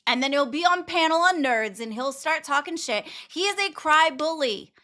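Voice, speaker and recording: A young woman hosting a casual livestream, blunt and quick to swear, laughing often. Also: high-pitched, expressive, bright, forceful tone. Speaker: stream host.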